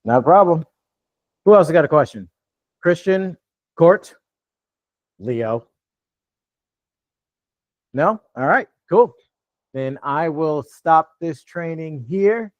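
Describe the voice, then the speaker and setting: A man's voice: on the high side, animated, slow pace, pauses often, no echo, highs cut off. Casual man in his fifties coaching. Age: 50s. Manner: casual, plain-spoken, keeps checking in with "you know what I'm saying"; talks in a lighter "customer service voice" than his usual one. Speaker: real estate investing coach. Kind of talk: live online training Q&A.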